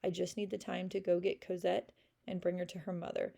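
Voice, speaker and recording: A woman plays a weary male convict from a storybook reading, speaking low and humble. The voice is soft, gravelly and mellow. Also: fast talker. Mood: pleading.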